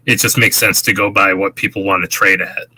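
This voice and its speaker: A man's voice: low voice, fairly even intonation, fairly quick, bright, forceful tone, husky. A tired man from Massachusetts co-hosting a casual live stream chat, slipping into odd put-on voices. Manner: plays with odd accents and voices when tired. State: tired, late at night. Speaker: co-host.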